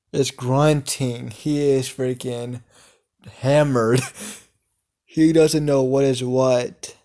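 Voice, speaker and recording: A man's voice: mid-range voice, a little mellow. A man improvising a fan story aloud, hesitant with many fillers and laughing at his own plot.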